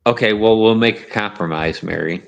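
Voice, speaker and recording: A man's voice: lowish voice, brisk, creaky, dull audio. A man joining a casual livestream panel, teasing and crude, often repeating himself. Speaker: panel guest. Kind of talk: casual chat.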